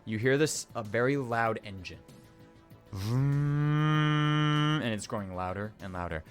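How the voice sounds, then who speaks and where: A man's voice: lowish voice, fairly quick, a bit bright, faint music behind. A man narrating a tabletop game as dungeon master, rambling loosely and making sound effects.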